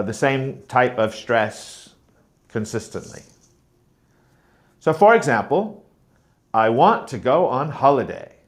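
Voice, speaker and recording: A man teaching a pronunciation lesson, modelling stressed and unstressed syllables with exaggerated stress on example words. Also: medium pitch. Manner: explains clearly, models sounds like mm-mm. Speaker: teacher trainer.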